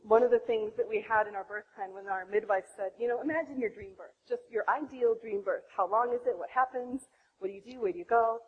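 A woman in her thirties sharing her own birth story to other women, animated, acting out her past self. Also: fairly quick, phone-quality sound. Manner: animated, acts out her own past voice with big pitch jumps. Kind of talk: impassioned personal testimony.

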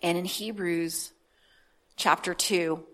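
Slow, emphatic woman preacher. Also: fairly low pitch, steady tone, fairly bright tone. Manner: slow, emphatic reading with drawn-out words. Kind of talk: sermon with scripture reading.

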